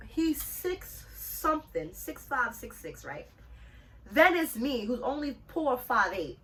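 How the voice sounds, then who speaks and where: A young woman from New City, telling a story in a casual, animated and profane way. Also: a little high, slow, far from the mic. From New York City. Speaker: storytime vlogger.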